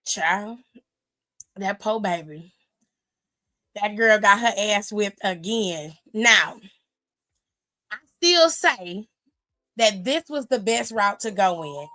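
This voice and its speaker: A woman host giving a sassy, gossipy recap of a wrestling show in casual chat, retelling it with lively energy. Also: mid-range voice, takes it slowly, long pauses. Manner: sassy, gossipy, exclaims "child" often; animated retelling with lively quoted voices. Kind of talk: casual chatty commentary.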